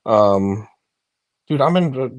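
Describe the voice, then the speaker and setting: A man's voice: mid-range voice, expressive, takes it slowly, highs cut off. A man chatting casually on a phone from bed, rambling with lots of fillers, swearing and laughing. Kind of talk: casual online chat.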